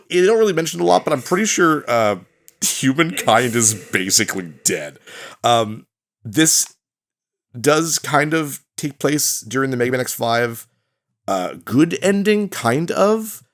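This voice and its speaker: A man's voice: mid-range voice, big pitch swings, a little slow. A man hosting a let's-play, talking in a rambling way with lots of fillers and self-corrections. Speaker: gaming channel host. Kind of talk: casual let's-play commentary.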